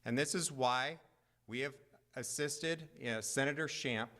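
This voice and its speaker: Firm county attorney, emphatic. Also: male voice, medium pitch, unhurried, a bit bright. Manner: firm, emphatic, with repeated points. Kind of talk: press conference statement.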